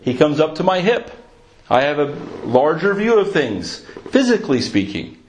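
A male preacher with a somewhat high voice gives an earnest sermon. He leans hard on key phrases and slows down to drive them home. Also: big pitch swings, slight background noise, poor audio. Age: adult with a young son. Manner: earnest, emphatic, slows down for stress, quotes scripture.

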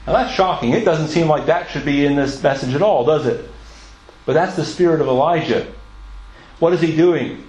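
A man with a high voice preaches a sermon, earnest and emphatic, asking his listeners questions. He often stumbles and repeats a word before pushing on. The room is echoey around him. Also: normal speed, darkish tone. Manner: stumbles and repeats words mid-sentence.

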